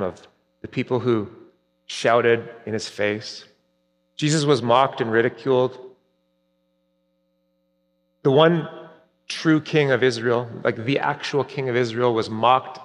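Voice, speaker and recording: A man preaching a sermon earnestly, rising for emphasis and dropping soft at key points. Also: mid-range voice. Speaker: pastor. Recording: long reverb, hall-like.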